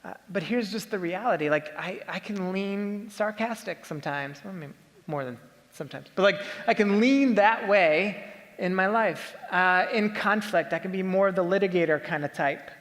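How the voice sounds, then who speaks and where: A man's voice: high-pitched, normal speed, fairly bright tone, big-room sound. A man preaching a sermon as a pastor, talking conversationally and asking his listeners many rhetorical questions.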